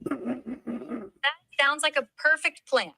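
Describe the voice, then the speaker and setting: A woman's voice: high voice, slow pace, vocal fry, sharp tone, husky, no echo, poor audio. A woman's AI assistant voice giving chatty, encouraging replies that can turn snarky and teasing. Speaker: AI chat assistant. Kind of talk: conversational AI replies.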